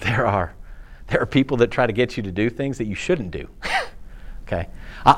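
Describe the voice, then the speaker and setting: A man in his thirties preaching a sermon in a conversational, animated way, acting out quotes and laughing often. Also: fairly high pitch. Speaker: pastor.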